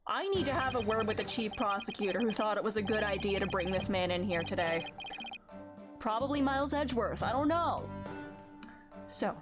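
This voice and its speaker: A woman streamer giving casual, excitable, joking commentary while playing a video game. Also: medium pitch, normal speed. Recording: loud game music underneath.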